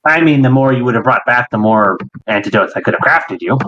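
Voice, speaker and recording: Shrewd older woman herbalist, played by a man; dry and teasing, middle-pitched, muffled recording. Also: lively intonation, a little fast, sharp tone. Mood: wry.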